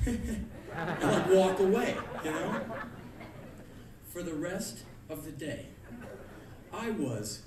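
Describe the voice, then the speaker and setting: Man, spoken word storyteller, high voice, animated loud bursts, echoey club, distant mic, crowd noise. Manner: animated, acts out quotes in loud outbursts. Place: large concert club stage with audience. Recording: echoey live club recording from far off. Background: audience laughter and room noise.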